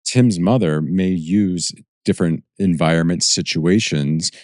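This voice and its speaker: A man co-hosting a podcast, speaking in a measured, reflective way as he pulls the discussion together. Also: sits low, darkish tone, dry recording, clean studio sound. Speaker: podcast co-host. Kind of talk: podcast conversation.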